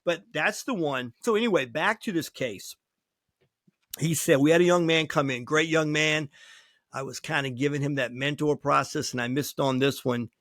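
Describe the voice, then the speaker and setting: A man's voice: on the high side, moderate pace, no room sound, studio quality. Folksy male lawyer telling stories. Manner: folksy, animated anecdotes with acted quotes. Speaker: lawyer and podcast host. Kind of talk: casual storytelling talk.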